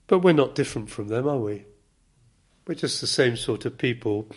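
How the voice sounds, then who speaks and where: A man delivers a sermon in an earnest, measured way. His voice sits at an ordinary middle pitch, and he leans on key words with gentle emphasis. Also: expressive, breathy edge. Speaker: preacher.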